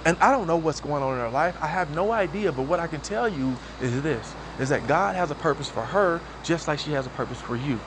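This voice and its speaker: Man vlogging outdoors with faint traffic noise behind him; lively storyteller who repeats words, voice on the higher side. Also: moderate pace. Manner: animated, repeats words while telling a story. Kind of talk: casual storytelling monologue.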